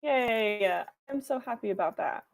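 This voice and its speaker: A young woman hosts a writing livestream from her room, chatting casually and playfully while reading chat comments aloud. Her voice is fairly high and a little mellow, at a moderate pace.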